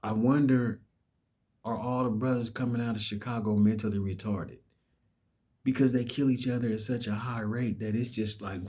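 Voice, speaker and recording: A man's voice: mid-range voice, steady tone, normal speed, mellow, breathy edge. A man giving an impassioned, preachy vlog monologue, emphatic and cursing. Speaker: vlogger.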